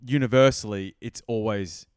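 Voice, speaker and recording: A man's voice: fairly low pitch, moderate pace, a little mellow, clean tone, no echo, studio quality. A man, a comedian guest, chatting casually and teasing his friend with a laugh. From Australia. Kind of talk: casual chat.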